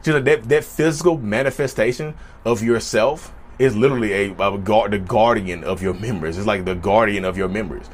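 A man's voice: lowish voice, a little fast, hardly any pauses, a little hiss or hum. A man vlogging in a casual storytelling way, chatty and repetitive, often turning to his viewers directly. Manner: chatty, repetitive, keeps addressing viewers as y'all.

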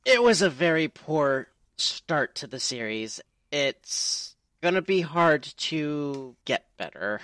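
A man's voice: fairly high pitch, very animated, slow, hardly any pauses, a bit bright, dry recording. A man co-hosting a comic book review podcast who speaks in short, dry remarks. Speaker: podcast co-host.

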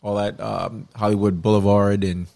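Male interview host, very deep voice, rambling, filler-heavy questions. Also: flat delivery, normal speed, vocal fry, a little mellow.

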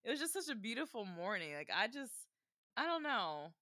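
A woman's voice: fairly high pitch, very animated, moderate pace, sharp tone, no room sound, clean studio sound. A woman co-hosting a casual chat, telling a story with lots of "like" and loose, chatty phrasing. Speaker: podcast co-host, bride.

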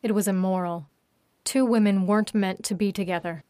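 A woman reads an audiobook in a steady, even voice. Her pitch sits in a medium range. The recording is dry and close. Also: a little fast, dry recording. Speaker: narrator. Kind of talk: audiobook narration.

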